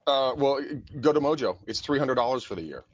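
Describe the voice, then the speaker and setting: A man in his forties co-hosting a real estate show, talking in an energetic, profane, joking way and laughing often. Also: mid-range voice, a little fast, no echo, highs cut off. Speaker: podcast co-host, real estate agent. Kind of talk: casual chat. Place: office.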